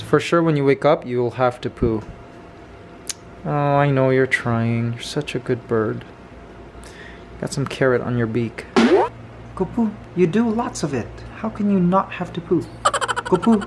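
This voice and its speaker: A man's voice: fairly high pitch, background noise. A man in a casual home vlog, talking playfully and coaxing his pet parrot. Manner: playful, sings snatches of carols. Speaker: vlogger.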